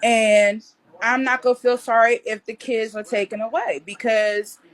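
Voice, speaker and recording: A woman speaking as a guest on a livestream, her voice on the higher side. She talks bluntly and indignantly and swears freely in casual chat. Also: steady tone, normal speed, poor audio.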